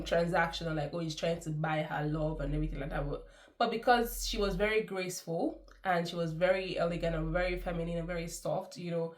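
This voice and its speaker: A woman giving a chatty, effusive film review, laughing often. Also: fairly low pitch. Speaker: movie reviewer. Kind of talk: casual movie review.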